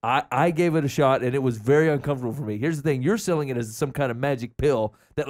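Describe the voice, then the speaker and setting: A man's voice: medium pitch, quick pace, few pauses, a little mellow. A young man co-hosting a casual chat, telling a self-deprecating story with jokes. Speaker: podcast co-host.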